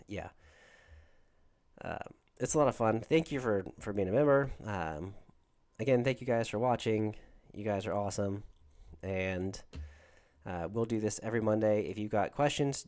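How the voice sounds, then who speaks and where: Chatting loosely with viewers on his casual livestream, this Georgia host speaks with a Southern accent. His voice sits lowish and carries a slightly mellow quality.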